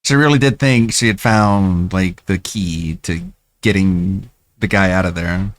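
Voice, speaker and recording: A man's voice: low voice, measured pace, a little hiss or hum. A male streamer commenting casually, in an amused and wry way. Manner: amused, wry, laughs often.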